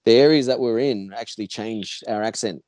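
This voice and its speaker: Male Aussie guest, low and nasal, loose rambling talker, recorded dry. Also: fairly quick, a little mellow, no echo. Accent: Australian. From Australia. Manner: rambling, profane, with many restarts. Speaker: podcast guest. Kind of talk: casual podcast chat.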